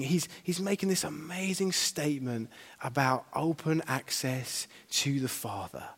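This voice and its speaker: A man preaching a sermon, conversational and animated, rising to emphatic declarations. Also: fairly high pitch, big-room sound.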